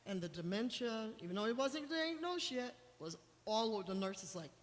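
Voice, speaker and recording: A woman's voice: fairly high pitch, expressive, normal speed. A middle-aged woman sharing a personal testimony with a church congregation, telling an emotional story with rising intensity when she quotes herself. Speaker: guest speaker sharing testimony. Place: church hall. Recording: long hall reverb.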